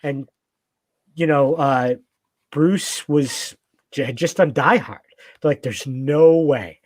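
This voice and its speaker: A man chats enthusiastically on a podcast, pitched a little higher than most men. He rambles, stacking fillers and restarting his sentences. The sound is dry, with no room around it. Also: slow, no room sound. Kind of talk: casual podcast chat.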